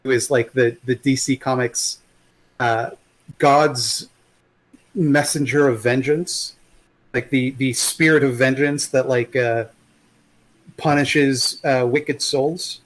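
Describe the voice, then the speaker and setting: A man's voice: medium pitch, fairly even intonation, takes it slowly, pauses often, low-quality recording. A man talking as a guest in a casual chat, rambling and swearing, with many restarts and fillers.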